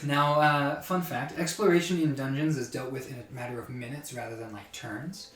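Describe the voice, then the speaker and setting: A man's voice: mid-range voice, fairly even intonation, normal speed, fairly bright tone. A man narrating a tabletop game as game master, describing scenes in a loose, hesitant way with many fillers. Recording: roomy, distant mic with faint noise.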